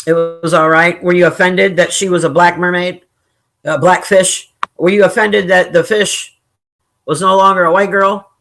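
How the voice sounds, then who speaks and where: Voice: medium pitch, flat delivery, normal speed, creaky, a bit bright. A streamer talks loosely to the chat in a mid-range voice. The tone is blunt and opinionated, with frequent cursing and laughter. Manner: profane, joking, laughs often. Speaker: live streamer reading chat. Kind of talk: casual live-stream chat.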